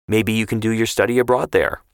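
A man reading the part of a sharp-tongued, affectionate grandfather in a story, in plain banter. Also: on the low side, steady tone, brisk, clean tone, dry recording, clean studio sound, pitched above the performer's own voice, close to an everyday voice. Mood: teasing. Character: feisty, teasing grandfather, older man.

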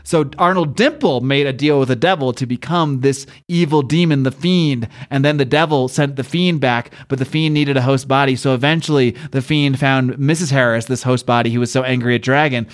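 A man hosting a casual podcast, talking excitedly with lots of fillers, restarts and laughs. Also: mid-range voice, fairly quick, hardly any pauses. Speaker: podcast host.

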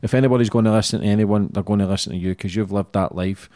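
Man, interviewer, fast, low mellow voice, dry sound. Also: fairly even intonation, no echo. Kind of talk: casual interview.

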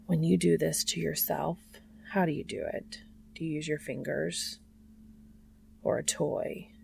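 A woman voicing an intense man with a hoarse, husky, wrecked voice who speaks slowly and seductively in a hushed tone. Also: fairly high pitch, steady tone, a little hiss or hum.

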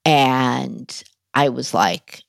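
Low gravelly woman talking slow, candid and a bit wry, dry close sound. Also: little pitch movement, no echo. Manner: candid, conversational, self-deprecating humor. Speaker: interview guest. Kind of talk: personal storytelling in an interview.

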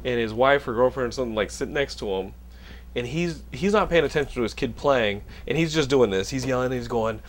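A man's voice: medium pitch, fairly quick. A young man hosting a casual chat, telling stories with lots of swearing and animation. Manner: animated storyteller, swears a lot. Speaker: podcast host.

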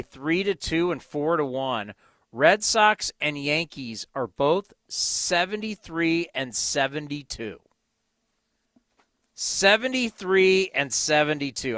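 An excitable man hosts a sports radio segment and runs through the scores. His voice sits a little high and sounds bright and forceful, and he delivers the results at an unhurried pace. He is recorded in a dry space with no echo. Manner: excitable, bursts into loud exclamations. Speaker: radio sports show host. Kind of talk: scoreboard rundown.

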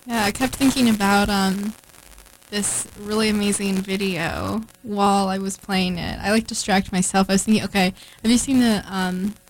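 A young woman musician talks on a studio radio show in a middle-pitched voice. She rambles, stacking fillers and little apologies as she goes. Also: steady tone, normal speed, a little hiss or hum, poor audio. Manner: rambling, lots of "like", self-deprecating. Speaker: musician guest. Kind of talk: casual on-air chat.

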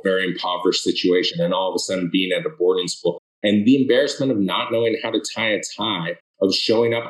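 A man's voice: fairly low pitch, roomy sound, rough recording. A man from the Boston area answering interview questions, telling his story earnestly and with lots of restarts. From Boston area, Massachusetts. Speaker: author guest.

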